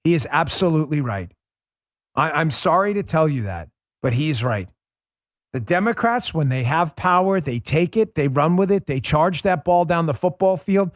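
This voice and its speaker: A man's voice: on the high side, expressive, normal speed, no echo, clean studio sound. A man hosting a political talk show, delivering a heated, scornful monologue. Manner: combative, ranting, scornful.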